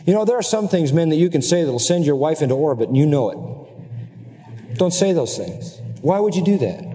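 A middle-aged man preaches with earnest emphasis, his voice sitting a little high yet sounding mellow. He presses points home and at times climbs into excited exclamations. The sound carries a long reverb, as in a large church hall. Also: normal speed. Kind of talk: sermon.

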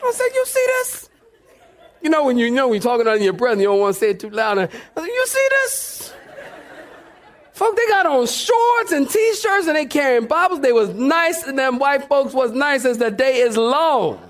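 A pastor preaches a sermon to his congregation in a church sanctuary, his voice extremely high-pitched with lively intonation. He talks a little fast with few pauses, telling humorous stories and trading back-and-forth exchanges with the people.

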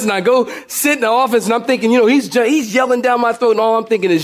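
A male pastor preaching a sermon, telling a personal story, often laughing and acting out a shouting sergeant. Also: extremely high pitch, fast talker, few pauses, a faint crowd. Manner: animated, acts out shouting and laughs mid-story.

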